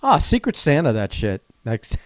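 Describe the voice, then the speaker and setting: A man's voice: mid-range voice, huge pitch swings, moderate pace, dry recording, clean studio sound. A man co-hosting a podcast in casual chat, answering with laid-back jokes. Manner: laid-back, joking listener. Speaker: podcast co-host.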